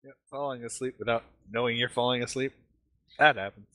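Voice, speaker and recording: Bright-voiced game master, chatty. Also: male voice, mid-range voice, fairly even intonation, a little fast, no room sound. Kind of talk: casual game narration.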